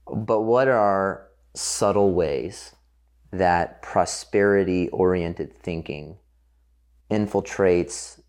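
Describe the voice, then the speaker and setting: Man hosting a podcast, deep low voice, casual, lots of "like", easygoing. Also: a little mellow. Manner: loose, laughs often, fills with "like". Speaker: podcast host. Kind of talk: casual interview chat.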